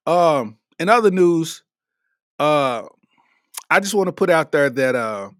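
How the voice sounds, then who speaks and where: A man's voice: a little high, animated, slow pace, a bit bright, no echo, studio quality. A man from Kentucky, hosting a podcast solo and delivering a comedic rant with lots of laughter and preachy emphasis. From Lexington, Kentucky. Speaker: podcast host.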